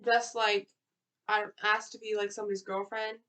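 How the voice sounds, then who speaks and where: A young woman co-hosts a casual vlog with a light Southern US accent. She tells stories in an animated, filler-heavy way. Her voice sits at an average pitch. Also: moderate pace. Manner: animated storytelling, lots of "like". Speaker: co-host. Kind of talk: casual chat.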